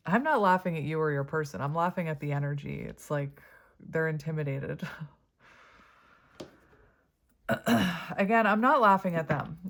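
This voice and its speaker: A woman's voice: sits low, measured pace, long pauses, fairly bright tone. A woman giving a casual tarot reading, chatty and prone to giggling, with lots of fillers. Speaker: tarot reader.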